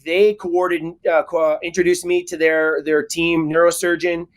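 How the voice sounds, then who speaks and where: This interview guest, a middle-aged Canadian, has a high voice and a level tone and talks at a normal speed. He answers earnestly, telling his story and repeating words for emphasis.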